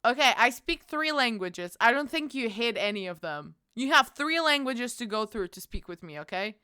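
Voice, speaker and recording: Bubbly, high-voiced woman streamer. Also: very animated, moderate pace, sharp tone, smooth, no room sound, clean studio sound. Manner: bubbly and giggly, high squeals greeting chat, cursing. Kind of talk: casual livestream chat with viewers.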